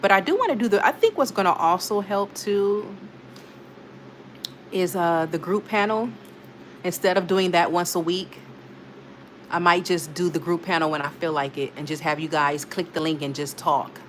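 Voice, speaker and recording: A woman's voice: fairly low pitch, moderate pace, slight background noise. Chatty woman reading her live chat. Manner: chatty, laughs often, reads chat comments aloud. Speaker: livestream host reading chat. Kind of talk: casual live stream chat.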